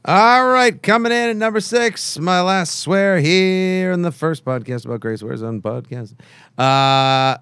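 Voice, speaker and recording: A man co-hosting a casual podcast, who talks in an animated, enthusiastic way. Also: high-pitched, measured pace, clean tone, dry recording. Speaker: podcast co-host.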